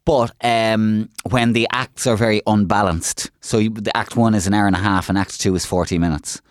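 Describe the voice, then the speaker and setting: An Irish man co-hosting a breakfast radio show from a studio, teasing his co-host in dry, deadpan banter. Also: lowish voice, normal speed, dry recording. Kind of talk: casual on-air banter. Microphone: studio microphone.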